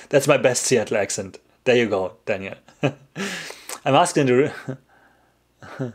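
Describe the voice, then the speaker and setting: A man with a mid-range pitch answers viewer questions on a relaxed livestream in English. He tends to ramble, often laughing and abandoning sentences partway through.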